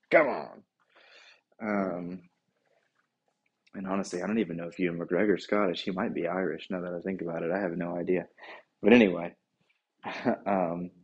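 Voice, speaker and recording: A man in his thirties talks on his own in a loose, rambling way, full of "dude" and casual swearing. His voice sits on the low side with a husky edge. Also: a little mellow. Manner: rambling, laid-back, swears and says "dude" often. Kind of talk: casual solo chat.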